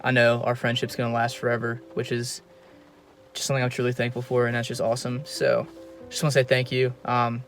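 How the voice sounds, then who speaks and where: An earnest young man records a heartfelt tribute to a friend. His delivery stays flat, and he keeps restarting and filling gaps with ums. Soft music plays faintly behind him. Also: mid-range voice, brisk. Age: young adult. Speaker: college student giving a tribute.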